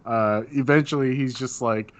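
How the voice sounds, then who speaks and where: A man's voice: medium pitch, steady tone, moderate pace, muffled recording. Easygoing man running a tabletop game. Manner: loose, full of fillers, descriptive. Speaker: game master.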